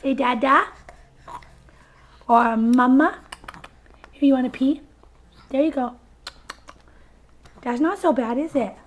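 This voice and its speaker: A woman's voice: sits high, slow, pauses often. A young mother with a scratchy, sick voice, filming at home and coaxing her baby in sing-song baby talk. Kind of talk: home video chat with a baby. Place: home, at a baby's high chair. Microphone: camcorder microphone.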